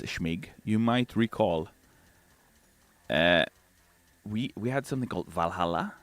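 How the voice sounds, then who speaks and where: Playful Swedish man with a lively voice. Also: medium pitch, no echo. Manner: playful, theatrical, quick to put on silly voices. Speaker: game developer streaming and reading chat. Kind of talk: casual live-stream chat.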